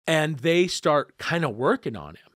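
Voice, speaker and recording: A man speaking as a podcast guest, telling a personal story in an animated way, laughing often and acting out what people said. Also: on the high side, a little slow, dry recording, clean studio sound. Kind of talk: conversational storytelling.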